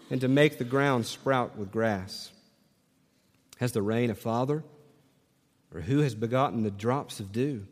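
A man preaching a sermon and reading scripture aloud, animated and questioning his listeners. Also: medium pitch, long reverb tail. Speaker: pastor.

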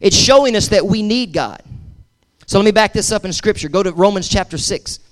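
A man's voice: high-pitched, expressive, brisk. A man preaching a sermon as pastor, emphatic and repetitive, with call-and-response to his congregation and casual asides. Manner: repeats words for emphasis, conversational asides.

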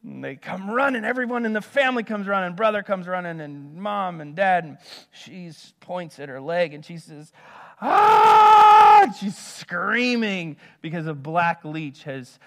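Middle-aged guy preaching, fairly high voice, gets loud and punchy then drops way down soft. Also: normal speed. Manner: animated preaching, swings from loud emphatic peaks to soft asides. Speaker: pastor. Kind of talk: sermon.

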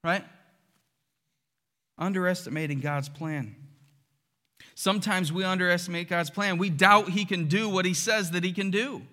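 A man preaching a sermon as pastor, animated and acting out quotes with loud outbursts. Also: high-pitched, moderate pace, long pauses. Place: church sanctuary. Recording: long hall reverb.

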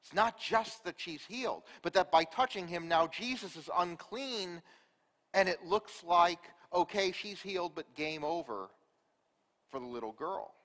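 Male pastor, sermon delivery, high pitch, unhurried storytelling, reverberant hall. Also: animated. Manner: storytelling, rhetorical questions, big swings in loudness. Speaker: preacher.

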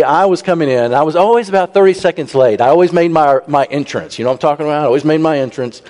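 A man telling a humorous personal story to a congregation, animated and acting out the people he quotes. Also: a little high. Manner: animated, raises his voice when he quotes people. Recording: long reverb in a large hall.

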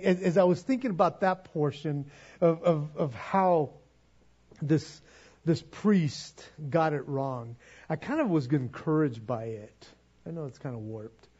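Earnest pastor with a soft husky voice. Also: male voice, on the high side, muffled recording. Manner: earnest, repeats words when stirred, pleading. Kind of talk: sermon.

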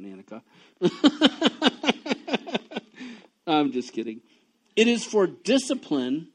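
Animated preacher man with a lively voice. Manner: animated, swings from low and quiet to high and loud when excited; reads scripture aloud between personal asides. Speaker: pastor. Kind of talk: sermon.

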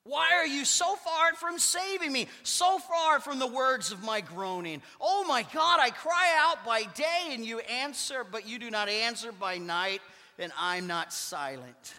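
A pastor preaching a sermon, with emphatic declarations that drop to hushed asides. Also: male voice, extremely high pitch, animated, measured pace. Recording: long hall reverb.

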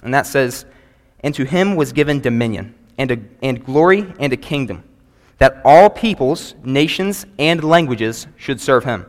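This is a sermon: a man in a middle register earnestly addresses the congregation before him and reads passages of scripture aloud, steady and measured. The large church sanctuary gives his voice a long, ringing reverb.

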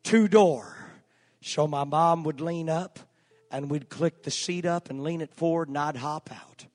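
A man preaching a sermon, telling a personal story in a folksy, earnest way with filler pauses. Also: a little high, a little mellow. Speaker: pastor. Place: church sanctuary. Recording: long church hall reverb, faint music.

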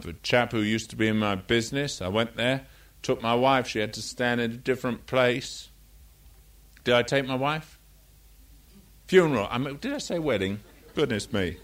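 An older man preaching a sermon in a conversational, rambling style, drifting into anecdotes and correcting himself as he goes. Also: medium pitch.

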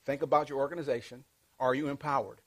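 A man teaching a leadership class, energetic and interactive, calling out questions and pushing the audience to answer back. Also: medium pitch, fast. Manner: energetic, call-and-response with the audience.

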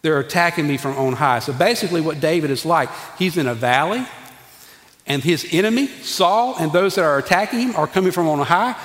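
Preacher guy, kinda high voice, folksy asides, church reverb all around. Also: expressive, brisk, a bit bright. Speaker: pastor. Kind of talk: sermon. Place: church sanctuary. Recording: long reverb of a church hall.

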